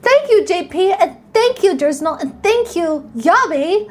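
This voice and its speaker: A woman with a high, light voice chats playfully with her live audience. She rambles in a bubbly way, thanks viewers by name and hypes them up. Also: big pitch swings, unhurried, hardly any pauses. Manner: bubbly, playful, reads and thanks chat, sometimes squeals. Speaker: streamer. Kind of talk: casual live-stream chat.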